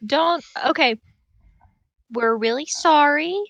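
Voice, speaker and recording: Slow, hesitant high-voiced woman player. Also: dull audio, background noise. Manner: hesitant, with many ums. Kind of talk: casual chat during a tabletop game.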